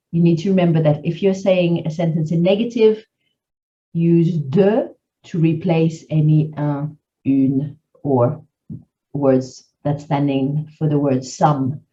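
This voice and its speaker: A woman teaching a grammar lesson, explaining clearly and mixing in French example phrases. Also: deep voice, dark tone, dull audio.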